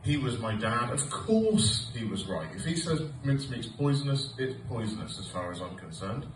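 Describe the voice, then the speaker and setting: A man's voice: medium pitch, sing-song, normal speed, recorded from a distance, noisy background. A man, performing a sweary, sarcastic stand-up comedy set. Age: 40s. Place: comedy club stage with audience laughter. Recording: roomy live club recording from afar.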